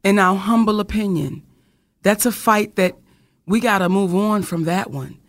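A woman's voice: mid-range voice, moderate pace, soft background music. A woman co-hosting a podcast who speaks with passion, driving her points home with rhetorical questions the way a preacher does. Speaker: podcast co-host. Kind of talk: casual discussion.

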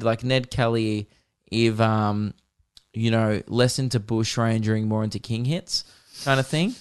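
A man's voice: mid-range voice, smooth. An Australian man in his twenties hosting a podcast, telling rambling, profane comic stories in a casual chat. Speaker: podcast host.

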